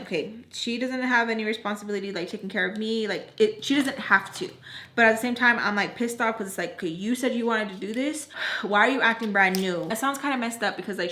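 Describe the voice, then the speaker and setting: A young woman telling a storytime in a casual chat, animated, swearing and saying "like" a lot. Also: mid-range voice, echoey room. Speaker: storytime vlogger.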